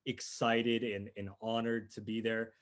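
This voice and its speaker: A man's voice: fairly low pitch, little pitch movement, measured pace. A man co-hosting a podcast, chatting casually and enthusiastically about films, often restarting his sentences. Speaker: podcast co-host. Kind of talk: casual movie review chat.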